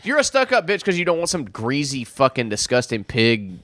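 Comedian co-host, man, swings his pitch a lot, dry close mic, profane banter. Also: brisk, no echo. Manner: profane, jokey, lively. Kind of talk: casual chat.

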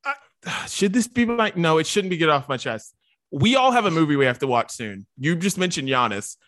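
Bright-voiced, excitable podcast host. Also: male voice, on the high side, moderate pace, no room sound, studio quality. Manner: excitable, emphatic. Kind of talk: casual chat.

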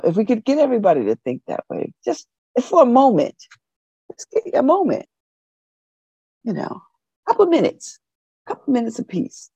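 Lively, slangy woman radio host. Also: a little high, normal speed, long pauses, slightly rough, no echo, dull audio. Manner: slangy, conversational, laughs often, repeats phrases for emphasis. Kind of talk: casual radio commentary monologue.

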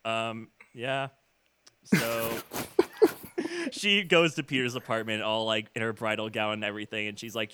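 A man's voice: on the low side, animated, measured pace, pauses often, pushed and bright, clear, resonant tone. A man co-hosting a podcast, chatting casually as he retells a movie scene by scene and dips into quoted voices. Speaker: podcast co-host. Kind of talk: casual chat recapping a movie.

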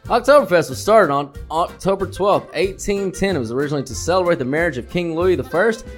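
A man's voice: sits high, lively intonation, quick pace, soft background music. A man co-hosting a comedic sports betting podcast, brash and profane, telling mock-grand stories. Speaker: podcast co-host.

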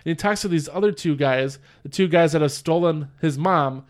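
A man's voice: on the high side, normal speed. A man casually recapping a film on a podcast, rambling with many fillers and restarts, and acting out lines from the story. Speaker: podcast host. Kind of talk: casual movie recap chat.

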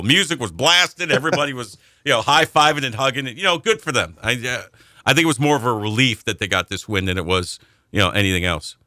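A man co-hosting a sports radio show, telling stories in an animated way and acting out the voices in them. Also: medium pitch, a little fast, dry recording, studio quality. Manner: animated storyteller, acts out shouting voices in anecdotes. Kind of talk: casual sports talk storytelling.

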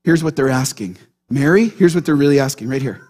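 A man preaching a sermon as pastor, animated and quizzing his congregation with frequent questions. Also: medium pitch, fairly quick. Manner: animated, keeps checking in with the congregation through questions.

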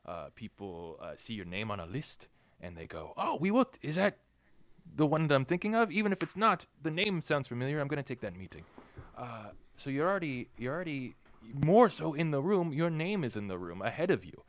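A man in a comedy improv playing an older former president who gives rambling, soft-spoken advice that trails off. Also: mid-range voice, very animated, fairly quick, natural voice.

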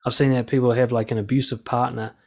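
A man's voice: mid-range voice, little pitch movement, quick pace, creaky, a little mellow, dull audio. A man giving a blunt, profane monologue of casual commentary, talking through his opinions.

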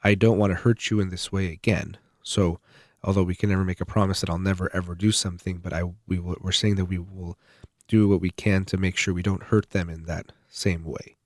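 Low-voiced man giving earnest advice. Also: flat delivery, brisk, dry recording, clean studio sound. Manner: earnest, explanatory, stresses key words. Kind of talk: unscripted advice talk.

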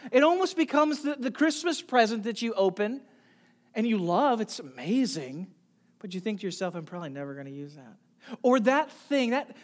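In his sermon, a pastor whose voice sits in the mid range questions the congregation directly. His delivery ranges from quiet, almost whispered lines to loud, emphatic calls.

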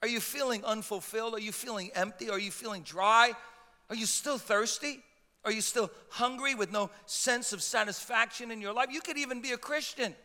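A man's voice: very high voice, normal speed, sharp tone. A man pastor preaching a sermon with impassioned emphasis and frequent stammered restarts. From Italian heritage. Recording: long hall reverb.

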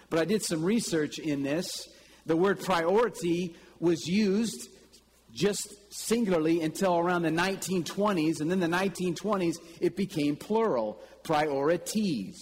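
A man preaching a sermon, telling stories in a slow, deliberate way and breaking into sudden loud calls. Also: a little high, slight background noise. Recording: long reverb with faint ambience.

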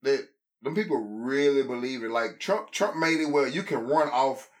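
A man co-hosting a podcast, talking in an animated, profane way with frequent stammered restarts. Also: mid-range voice, moderate pace. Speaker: podcast co-host. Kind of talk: casual podcast banter.

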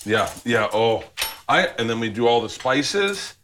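A man's voice: medium pitch, big pitch swings, unhurried, fairly bright tone, slight background noise. A man hosting a cooking show in his kitchen, upbeat and casual. He swears freely and keeps repeating his agreement as he talks his guests through the dish. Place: home kitchen with cooking sounds.

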